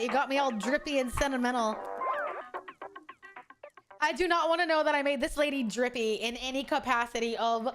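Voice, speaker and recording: A woman's voice: sits high, fairly bright tone. A young woman streaming a game, chatting casually with over-the-top, profane outbursts. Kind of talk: casual game livestream chat.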